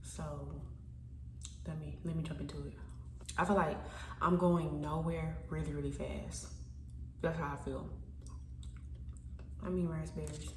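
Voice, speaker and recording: A woman with a low voice talks straight to her camera, rambling and thinking aloud as she questions herself. She stumbles and repeats words, a little self-conscious. The room is echoey, with a faint hum underneath. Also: level tone, a little slow, pauses often, far from the mic. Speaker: vlogger. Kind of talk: casual reflective monologue to camera.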